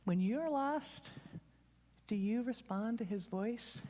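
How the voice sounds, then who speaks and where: A woman's voice: fairly high pitch, expressive, warm tone. Heartfelt woman preaching in a reverberant church. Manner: heartfelt, confessional, speeds up and slows down for emphasis. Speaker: church speaker. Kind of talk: personal storytelling sermon. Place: church sanctuary. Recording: long reverb of a large hall.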